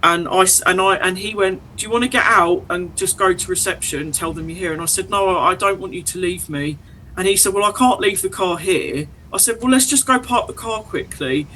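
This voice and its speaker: A woman, a podcast guest, recounting a frightening experience in animated detail, acting out the dialogue as she goes. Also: on the low side, slight background noise, poor audio. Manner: animated, emotional retelling with quoted dialogue. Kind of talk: personal storytelling in an interview.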